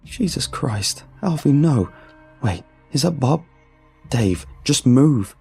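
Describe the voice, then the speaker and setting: A man voicing a rough crewman who yells and questions in shock, in a spoken horror story. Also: mid-range voice, lively intonation, measured pace, faint music behind, pitched above the performer's own voice, full character voice. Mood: frantic. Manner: yelling, frantic.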